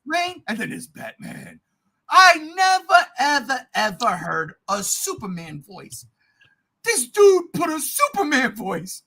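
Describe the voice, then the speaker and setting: A man co-hosting a podcast, chatting casually and excitedly about movies, swearing often and getting loud. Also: very high-pitched, slow pace, vocal fry. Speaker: podcast co-host.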